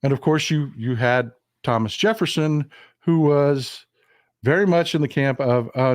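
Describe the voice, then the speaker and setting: A man hosting a political livestream, talking in a folksy, animated way. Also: medium pitch, unhurried, no echo, studio quality. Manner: folksy, animated, mocks historical figures in quoted voices. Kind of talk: casual political commentary.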